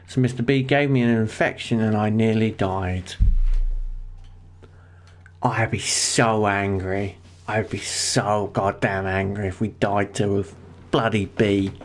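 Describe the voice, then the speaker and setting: A man's voice: fairly low pitch, takes it slowly. A man streaming a survival game, chatting casually and swearing when things go wrong. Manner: excitable, swears, panicky outbursts. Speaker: gaming livestreamer. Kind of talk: casual gameplay commentary.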